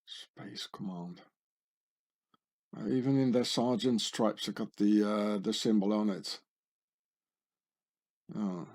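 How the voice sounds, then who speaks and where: A man's voice: lowish voice, steady tone, slow, pauses often, a little mellow. A man hosting his own channel and talking through images on screen, in a sardonic, conspiratorial way, often tagging remarks with questions. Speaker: channel host. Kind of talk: screen-share commentary.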